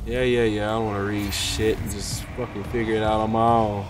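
A man's voice: fairly low pitch, brisk, very noisy. A man giving casual let's play commentary on a horror game, cursing and yelping whenever something startles him. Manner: excitable, yelps and curses when startled. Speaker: gaming streamer. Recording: loud music under the voice.

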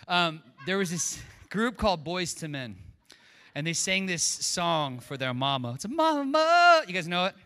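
A man's voice: a little high, moderate pace, pushed and bright. A middle-aged male pastor preaching a casual, joking sermon with chatty asides to his church. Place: church sanctuary. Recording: long hall reverb.

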